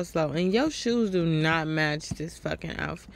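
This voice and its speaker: With a deep, vocal-fried voice at normal speed, a woman streamer riffs on a game for her viewers, cursing and full of energy. There's slight background noise in this casual let's play commentary.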